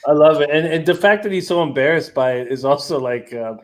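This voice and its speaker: A man's voice: fairly high pitch, fairly quick. A man on a betting show panel, giggly and teasing. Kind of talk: live betting show chat.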